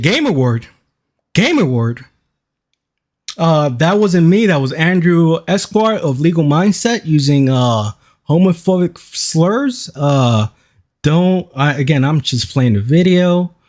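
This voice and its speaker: An excitable man reacting to a clip on a live stream. His voice sits a little high and swings widely up and down as he hypes it up. He talks profanely and eggs the clip on. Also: measured pace.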